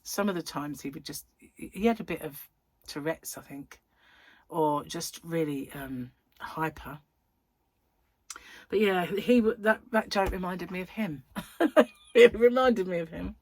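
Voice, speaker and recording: A woman's voice: lowish voice, unhurried, husky, no echo. A woman, a crochet channel host chatting through a rambling, giggly anecdote. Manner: chatty, giggly, self-interrupting storyteller. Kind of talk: casual chat, rambling anecdote.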